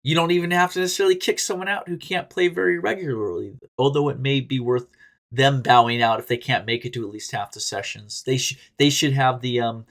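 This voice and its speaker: A man's voice: mid-range voice, a little fast. Rambling, swearing man hosting a podcast. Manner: candid and rambling, swears freely, laughs often; animated, jumps between loud bursts and quiet asides. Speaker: podcast host reading and answering reader stories. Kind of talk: casual commentary podcast.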